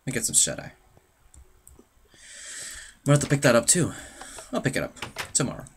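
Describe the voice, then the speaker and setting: Young male let's-play host, lively pitch, playful self-talk, soft keyboard clicks behind. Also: moderate pace, slight background noise. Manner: chatty and playful, talks to himself, hums. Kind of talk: casual gameplay commentary.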